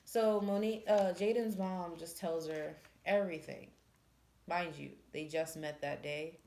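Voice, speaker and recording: A woman's voice: lowish voice, steady tone, a little slow, creaky, darkish tone, slight background noise. A woman reviewing a book in casual chat, retelling the plot in a blunt, profane, exasperated way.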